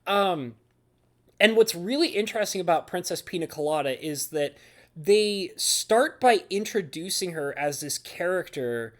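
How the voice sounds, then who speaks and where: A man's voice: high voice, lively intonation, unhurried, fairly bright tone. A man reviewing anime in a casual, rambling way, full of fillers and gushing enthusiasm. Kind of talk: casual talk to camera.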